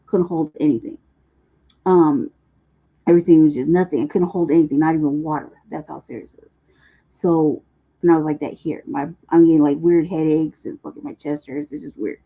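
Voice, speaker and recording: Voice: medium pitch, fairly even intonation, brisk, dark tone. A livestream host in casual, rambling talk, profane and loose with slang, often laughing. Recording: muffled phone-like livestream audio.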